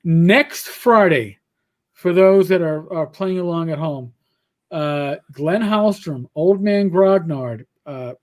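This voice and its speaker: A man's voice: on the high side, slow pace, darkish tone. A middle-aged man co-hosting a livestream, telling rambling stories with swearing and many restarts. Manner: rambling storyteller who swears and restarts a lot. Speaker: livestream co-host. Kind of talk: casual chat.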